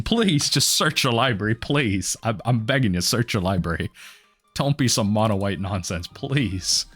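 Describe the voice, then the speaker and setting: Man, card game commentary, unhurried pace, swings from low muttering to loud excited shouts, soft music under. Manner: mutters low then erupts into excited yelling. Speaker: gaming video host.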